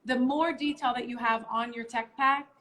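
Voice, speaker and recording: A woman's voice: a little high, steady tone, normal speed, fairly bright tone, poor audio. Woman hosting a live stream, lots of ums. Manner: thoughtful, explains step by step with many ums. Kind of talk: casual live-stream chat.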